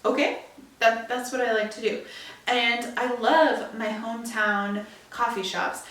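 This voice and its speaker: A woman's voice: on the high side, a little slow, a little hiss or hum. Chatty young woman in an echoey room. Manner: animated, emphatic asides. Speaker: podcast host. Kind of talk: chatty storytelling. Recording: echoey room, distant from mic.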